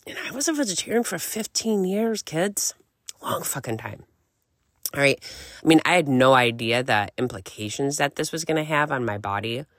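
A woman's voice: extremely low pitch, a bit bright, dry recording, clean studio sound. A woman in her forties telling a personal story to camera in a candid, chatty way, swearing and laughing now and then. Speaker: vlogger.

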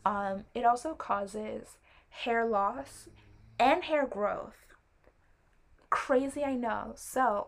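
A woman's voice: mid-range voice, gravelly. A young woman telling a personal story to camera in a casual, rambling way, drifting into tangents with apologetic, playful asides. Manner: chatty and animated, with playful asides. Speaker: vlogger.

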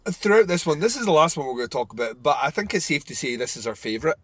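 A man's voice: on the high side, big pitch swings, quick pace, a bit bright, no room sound. A man co-hosting a podcast, chatting loosely about a horror film with lots of fillers and swearing. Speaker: podcast co-host. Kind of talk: casual movie review chat.

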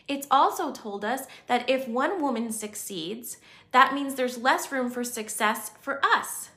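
A woman's voice: sits high, lively intonation, measured pace, sharp tone, roomy sound. A woman giving a spiritual self-help talk, earnest and reassuring, speaking in a conversational way.

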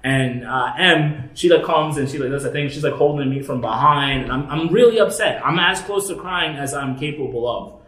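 A man's voice: fairly high pitch, expressive, moderate pace, a bit bright. Candid thirty-something man, echoey room. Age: 30s. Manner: candid, rambling, with many restarts and fillers. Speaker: podcast co-host. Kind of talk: casual chat.

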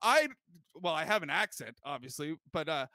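A male podcast co-host with a high, bright voice, recorded dry and close with almost no room sound. He tells laid-back, joking stories in casual chat. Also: sing-song, normal speed, dry recording.

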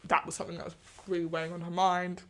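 A woman co-hosting a podcast, chatting and gossiping casually about a reality show, with quick mimicking asides. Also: on the low side, level tone. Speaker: podcast co-host. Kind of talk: casual chat.

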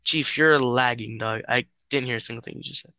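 A man's voice: medium pitch, a little fast, sharp tone, dry recording. A young man chatting casually with a friend over a voice call, telling a story in a hesitant, rambling way with lots of fillers and swearing.

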